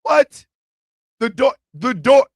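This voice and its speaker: Loud joking man ranting. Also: very high-pitched, very animated, slow pace, no echo. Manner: loud, joking, shifts between shouts and mutters. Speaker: livestream host. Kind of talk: comedic live-stream rant.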